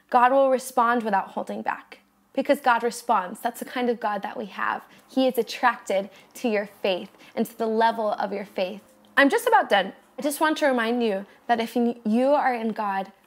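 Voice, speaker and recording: A young woman hosting a devotional podcast, preaching in an earnest, encouraging way and speaking straight to her listeners. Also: on the high side. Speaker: podcast host.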